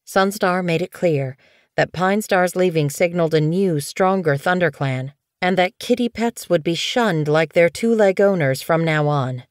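A woman narrating an audiobook in a calm, even storytelling manner. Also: lowish voice, a little slow, no room sound, studio quality. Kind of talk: scripted narration.

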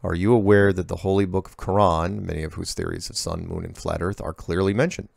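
Low gravelly man reading emails aloud. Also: flat delivery, fairly quick, dry recording, studio quality. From US Pacific Northwest. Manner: offhand, drifting into asides and self-corrections. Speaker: host reading viewer emails. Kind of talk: casual solo email Q&A.

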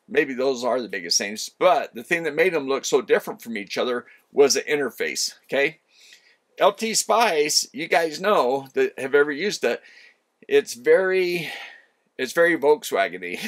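Rambling, folksy older man explaining. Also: on the high side. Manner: rambling, folksy, self-correcting with frequent asides. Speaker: electronics channel host. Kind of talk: casual explanatory talk.

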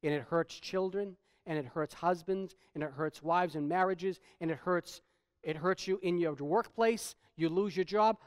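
A man pastor preaching a sermon, swinging from quiet stretches to loud, emphatic preaching. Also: a little high, moderate pace, smooth, no echo, clean studio sound.

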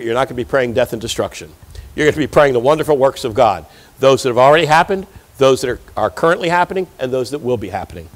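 High-voiced preaching man. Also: a bit bright. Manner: reads scripture aloud, then explains it with rising emphasis. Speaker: pastor. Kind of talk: sermon. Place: church sanctuary.

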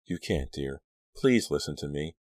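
A man voicing a sinister middle-aged woman who speaks in a soft, steady, coldly insistent way. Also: very deep voice, normal speed, dry recording, clean studio sound. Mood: menacing.

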